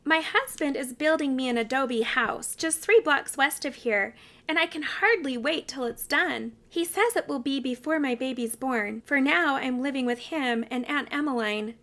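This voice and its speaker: A woman reading the lines of a cheerful, chatty young pioneer wife in a storybook, speaking quickly and stressing each word. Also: high-pitched, fairly bright tone.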